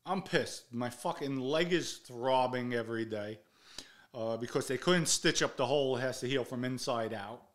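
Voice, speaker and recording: Middle-aged New man, average pitch; blunt, profane interview guest who acts out every quote. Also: normal speed. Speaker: guest recounting his past. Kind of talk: candid storytelling.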